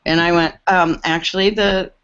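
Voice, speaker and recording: A woman with a fairly low voice tells studio stories in a casual, lively way. She acts out the quoted lines as she goes. The call audio sounds muffled and lo-fi. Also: normal speed, smooth. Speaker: recording engineer guest. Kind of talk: casual storytelling on a group call.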